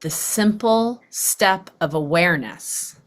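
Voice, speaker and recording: Woman host, middle-aged, a little low-pitched, animated chat that dips into playful quoted voices. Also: slow pace. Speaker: podcast host. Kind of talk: casual conversational interview.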